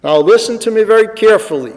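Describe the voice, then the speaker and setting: A cruel male emperor rages and threatens, as a preacher puts him on, pushing his voice higher and louder than plain speech. The sound rings with a long hall reverb. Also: lively intonation, quick pace. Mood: furious. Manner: shouting, threatening.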